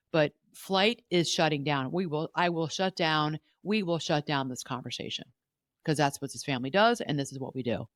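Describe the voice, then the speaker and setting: A woman's voice: low voice, dry recording, clean studio sound. A woman therapist hosting a podcast, giving earnest advice in a coaching tone and often repeating herself. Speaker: podcast host, family therapist.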